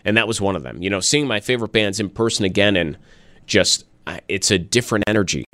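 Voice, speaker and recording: A man's voice: animated, quick pace, pushed and bright, no room sound. A man hosting a casual radio show, chatting and laughing as he reads listener messages. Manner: chatty, laughing, wide pitch swings. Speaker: radio host.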